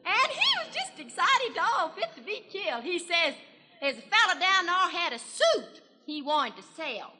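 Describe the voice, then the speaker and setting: A woman playing a chatty, excitable young country gossip gal with a rural Southern US accent, rambling through a folksy 1940s radio comedy monologue in a hollering twang with giggles. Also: very high-pitched, unhurried, heavy background noise, heavily acted. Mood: gossipy. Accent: Southern US, rural Tennessee. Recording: 1940s radio broadcast, long hall reverb.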